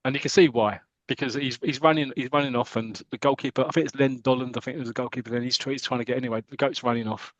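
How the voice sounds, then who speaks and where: A man co-hosting a podcast, casually retelling a football comic story and breaking into excited commentary. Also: mid-range voice, racing, hardly any pauses, no echo, lo-fi sound. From United Kingdom. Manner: animated, jumps into excited commentary voice. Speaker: podcast co-host.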